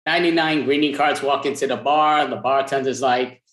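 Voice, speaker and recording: Animated man in an echoey room. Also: medium pitch, normal speed, few pauses. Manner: animated, loud, swears freely. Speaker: improv performer. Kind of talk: animated joke telling. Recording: roomy echo.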